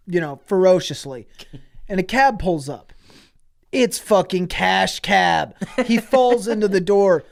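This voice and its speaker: A podcast co-host telling an improvised crude comedy story, giggling often. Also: mid-range voice. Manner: crude, giggling, unhurried riffing.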